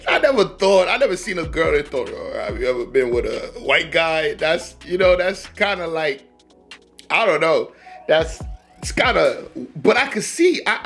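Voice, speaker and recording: A young adult man from Rhode Island hosting a reaction video, slangy and halting as he rambles. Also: high-pitched, a bit bright. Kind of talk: casual reaction commentary.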